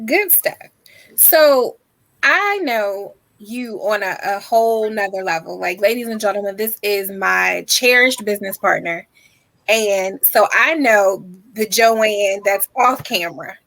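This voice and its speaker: A woman's voice: mid-range voice, lively intonation, a little slow, creaky, fairly bright tone. A woman co-hosting a casual interview who questions the guest in a familiar, friendly way. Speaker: co-host.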